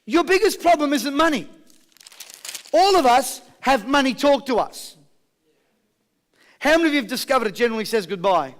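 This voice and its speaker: A man's voice: very high-pitched, normal speed, pauses often. A man giving a live motivational seminar, drawing call and response from his audience and telling jokey stories. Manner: energetic call-and-response with the crowd; jokey storytelling. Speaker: motivational speaker.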